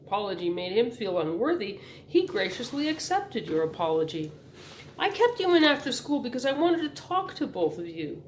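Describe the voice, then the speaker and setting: A woman's voice: fairly high pitch, a little mellow, a little hiss or hum, voice pushed up. A woman reading an elderly female history teacher who speaks earnestly and with indignation. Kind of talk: audiobook character reading.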